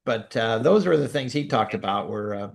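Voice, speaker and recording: A man hosting a group video call, easygoing and quick to chuckle as he passes the floor around. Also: on the low side, expressive, vocal fry, very noisy. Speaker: chat host. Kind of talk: casual chat.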